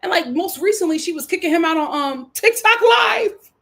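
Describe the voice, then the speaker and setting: A woman's voice: extremely high pitch, lively intonation, moderate pace, creaky, fairly bright tone. A woman hosting a reality TV recap, blunt and dramatic, acting out quotes in voices. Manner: blunt, sassy humor. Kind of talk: animated solo commentary.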